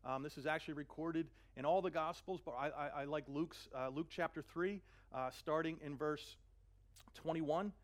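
Man preaching, fairly high voice, earnest, repeats words, slows down to quote scripture. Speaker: pastor. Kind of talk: sermon.

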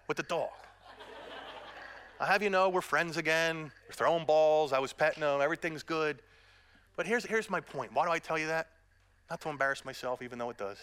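A man's voice: fairly high pitch, normal speed, pauses often, a bit bright. A middle-aged man preaching a sermon as pastor, earnest and direct with the congregation, mixing in self-deprecating humor.

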